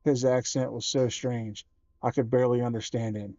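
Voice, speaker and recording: A man reading a children's horror book aloud, slow and measured with small self-corrections. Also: mid-range voice, little pitch movement, warm tone, no echo, dull audio.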